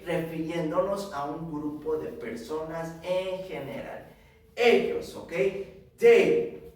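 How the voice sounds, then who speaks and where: A young male teacher leads a lesson for small children, drawing out each word and pausing to check that everyone follows. His voice sits high for a man. He is recorded from a distance, and the room is very echoey. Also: fairly even intonation. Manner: slow and emphatic, repeating words and checking with "ok?". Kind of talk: bilingual classroom lesson. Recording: roomy echo, from far off.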